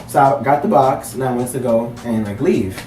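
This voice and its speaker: A man's voice: mid-range voice, normal speed, dark tone, recorded from a distance. A young man telling a casual story, rambling and leaning on "like" as he goes. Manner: rambling, heavy use of "like". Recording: roomy, off-mic with faint music.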